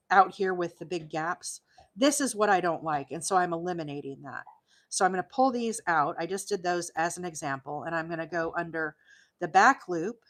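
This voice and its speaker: A woman's voice: lowish voice, a bit bright. A woman from Alabama, hosting a live crochet demonstration, explaining stitches in a chatty way with many fillers, her voice tiring after hours on air. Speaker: crochet livestream host.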